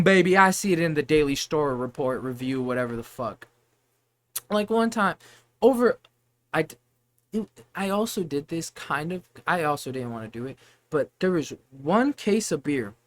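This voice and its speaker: A man's voice: on the high side, a bit bright. Profane, rambling young man ranting. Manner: profane, rambling, gets heated. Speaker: vlogger venting about retail work. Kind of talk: casual rant to camera.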